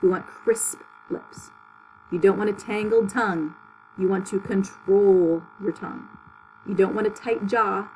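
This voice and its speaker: A woman teaching a public speaking class, walking students through articulation drills with clear, exaggerated syllables and plain instructions. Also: medium pitch, normal speed, darkish tone, faint music behind, rough recording.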